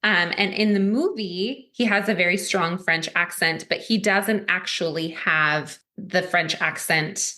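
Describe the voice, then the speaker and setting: A woman's voice: fairly low pitch, unhurried, few pauses, pushed and bright. A woman co-hosting a podcast, telling a story in a chatty way with frequent giggles. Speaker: podcast co-host. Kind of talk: casual chat.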